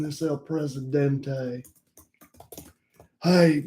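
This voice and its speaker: Give me a swaggering boss man calling in, put on by a man, pitched up a bit. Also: mellow.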